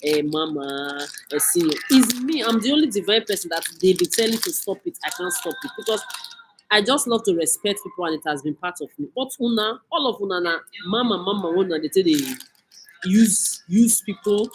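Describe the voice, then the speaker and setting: Nigerian woman, angry rant, cursing, scolding, mid-pitched voice. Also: animated, brisk, a little hiss or hum, rough recording. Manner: cursing, scolding, mixes in Pidgin. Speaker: vlogger.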